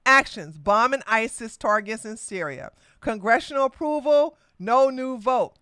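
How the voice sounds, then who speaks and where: A woman's voice: fairly high pitch, lively intonation, a little slow, bright, forceful tone, clear, resonant tone, dry recording. A woman hosting a livestreamed political commentary podcast, talking in a combative, mocking way with frequent laughter. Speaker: podcast host.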